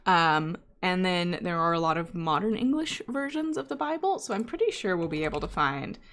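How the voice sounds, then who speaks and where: A woman with a slightly low voice hosts a live coding stream in a relaxed, chatty way. She thinks aloud as she works, filling gaps with "um" and "uh" and tossing in side remarks. Now and then she reads out comments from viewers. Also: normal speed. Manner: chatty, thinking aloud with many fillers and asides; reads chat messages aloud. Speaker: data scientist live-coding host.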